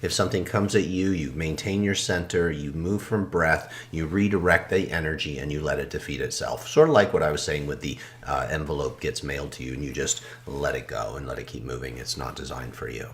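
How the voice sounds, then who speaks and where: A man co-hosting a podcast, calmly and reflectively telling a story in casual conversation, often trailing off soft and low. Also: a little fast, hardly any pauses. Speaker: podcast co-host.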